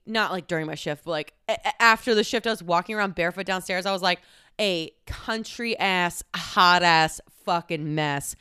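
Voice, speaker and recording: Chatty young woman, smooth dry voice. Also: mid-range voice, a bit bright, no room sound. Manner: chatty, swears freely, lots of "like". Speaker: podcast host. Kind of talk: casual storytelling monologue.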